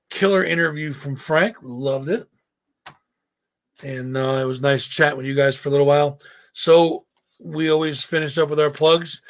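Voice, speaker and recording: The stream's host, his voice hoarse and medium in pitch, wanders through a foul-mouthed story during a casual broadcast. Every so often he stops to talk with his chat.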